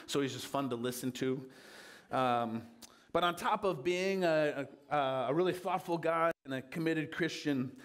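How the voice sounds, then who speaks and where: A man preaching a sermon in a conversational way, with frequent fillers and restarts. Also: a little high.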